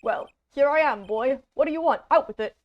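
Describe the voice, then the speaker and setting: A woman's voice: high voice, moderate pace, pitched above the performer's own voice, close to an everyday voice. A woman voicing a pompous older male law-firm boss in a strained, odd drawl, with dull lo-fi audio. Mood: blustery. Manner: blustery, self-important, strained odd drawl.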